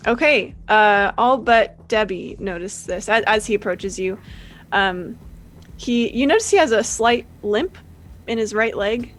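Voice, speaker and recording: A woman running a tabletop game as game master, narrating in a relaxed way with many fillers. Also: medium pitch, a little slow, poor audio.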